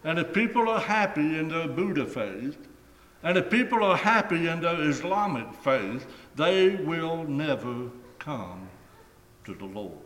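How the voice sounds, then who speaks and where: A man preaching a sermon in a deliberate, emphatic way, stretching key phrases and letting them fall away at the ends. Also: a little high, big pitch swings, fairly bright tone. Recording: echoey hall with long reverb.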